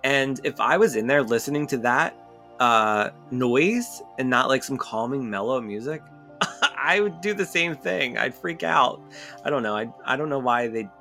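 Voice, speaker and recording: Bright-voiced laughing co-host man. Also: mid-range voice, normal speed, vocal fry, faint music behind. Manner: laughs often, relaxed and conversational. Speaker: podcast co-host. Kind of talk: casual chat.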